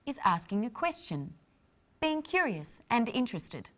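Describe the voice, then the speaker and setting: A woman hosting an English lesson, explaining in a clear, careful scripted delivery. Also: fairly high pitch, very animated, measured pace, a bit bright. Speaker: host, English teacher.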